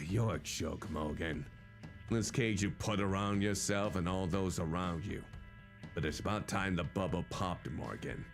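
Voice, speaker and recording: Guy doing a sleazy ex-rocker baddie, low and quiet, drawled out. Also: a little slow, faint music behind. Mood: contemptuous. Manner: deep, hushed, contemptuous. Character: sneering slick male ex-rocker villain.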